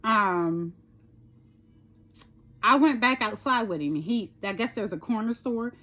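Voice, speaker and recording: A woman's voice: medium pitch, lively intonation, takes it slowly, pushed and bright. A woman vlogger casually telling a personal story, chatty, swearing a little and asking "right?" often.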